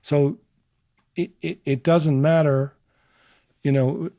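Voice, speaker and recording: A man leads a meditation in a soft, unhurried way, his phrases searching and loose. His voice is warm and mellow. The sound is dry and close, with no room around it. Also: fairly high pitch, steady tone, vocal fry, no echo. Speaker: meditation teacher and psychotherapist. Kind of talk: guided meditation and explanation.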